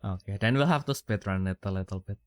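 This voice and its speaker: A man co-hosting a casual gaming podcast, reading card effects out loud in a halting way, with many fillers and self-corrections. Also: lowish voice, clear, resonant tone, no echo. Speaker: podcast co-host.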